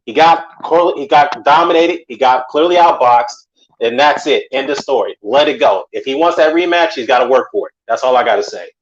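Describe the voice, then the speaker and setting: A man who is a guest on a boxing podcast and talks bluntly and dismissively, with some swearing. His voice sits in a middle pitch. The recording sounds slightly dull and muffled. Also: lively intonation, fairly quick, a little hiss or hum. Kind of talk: boxing opinion talk.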